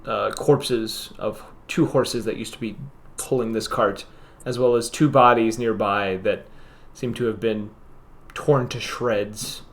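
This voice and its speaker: A man narrating as game master of a tabletop role-play, describing the scene with halting fillers. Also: on the low side, steady tone.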